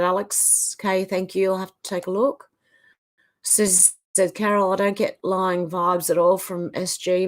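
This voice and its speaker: A woman with an Australian accent, hosting a livestream and casually reading viewers' chat comments aloud in turn. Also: on the low side. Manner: casual, chatty, reads names and comments in turn. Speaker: livestream host.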